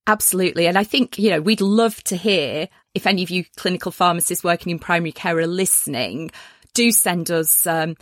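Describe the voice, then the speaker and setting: A woman co-hosting a medical podcast, explaining with engaged, friendly warmth in a fairly low voice. The recording is close and dry, with no room sound around her. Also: brisk, no echo. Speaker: podcast co-host, clinician. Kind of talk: casual podcast chat.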